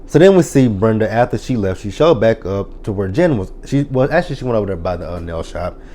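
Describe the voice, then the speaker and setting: A man with a fairly low voice and a mellow, relaxed tone talks through a TV episode. His recap is loose and chatty, full of swearing and fillers. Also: fast talker. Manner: profane, chatty retelling with many fillers. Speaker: TV episode reviewer. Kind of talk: casual recap chat.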